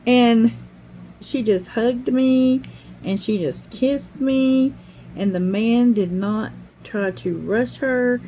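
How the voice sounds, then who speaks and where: A woman's voice: fairly high pitch, takes it slowly, warm tone, slight background noise, rough recording. An older woman hosting a craft channel, chatting at home and telling a heartfelt story that wanders from one detail to the next. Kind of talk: casual chat while crafting.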